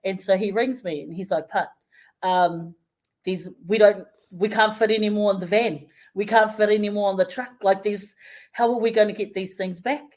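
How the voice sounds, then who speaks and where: A woman with a New Zealand English accent, a guest in a casual radio interview, telling a story lively and acting out the people she quotes. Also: mid-range voice, moderate pace. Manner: lively storyteller who acts out quoted voices, often laughing. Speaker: interview guest, community health worker.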